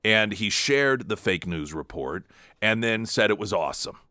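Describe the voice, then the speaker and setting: A man's voice: fairly low pitch, lively intonation, moderate pace, pushed and bright, no room sound, studio quality. A man hosting a talk radio show, delivering an emphatic, combative political monologue with sarcastic asides.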